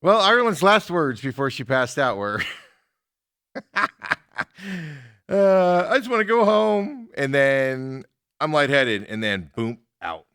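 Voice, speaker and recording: A man's voice: mid-range voice, slow pace, pauses often, clear, resonant tone, no room sound, studio quality. A middle-aged man hosting a sports radio show, telling stories in casual chat and laughing often. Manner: animated storyteller, laughs often. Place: radio studio.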